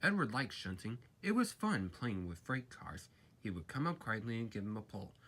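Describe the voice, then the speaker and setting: A man reads a children's story aloud in an expressive, storybook way. His pitch moves a lot, and his voice has a slightly husky grain. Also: normal speed.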